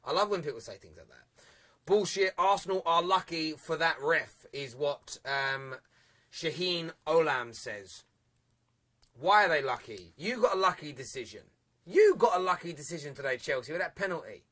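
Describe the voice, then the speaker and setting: A young man hosts a live football phone-in, chatting with callers and reading out viewer comments. His voice sits high and sounds bright and forceful, and he laughs loudly and often. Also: very animated, normal speed. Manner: reads viewer comments aloud. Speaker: phone-in show host.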